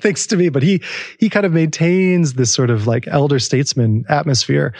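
A man in his forties talks through a long story as a podcast guest, circling back and restarting his sentences. His voice has a gravelly edge, and the sound is dry and close to the mic. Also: fairly high pitch, moderate pace, a little mellow, no room sound. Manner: rambling, self-interrupting, laughs often. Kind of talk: casual storytelling conversation.

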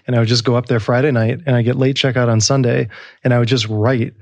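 A man's voice: medium pitch, little pitch movement, quick pace, vocal fry, darkish tone, no echo, highs cut off. A man in his forties, a podcast guest, telling stories in a rambling, self-interrupting way with frequent laughs. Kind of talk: casual storytelling conversation.

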